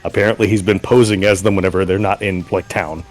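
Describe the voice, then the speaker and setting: A man running a tabletop game as game master, laid-back, laughing often and slipping into quick character voices. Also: low-pitched, fairly even intonation, soft background music.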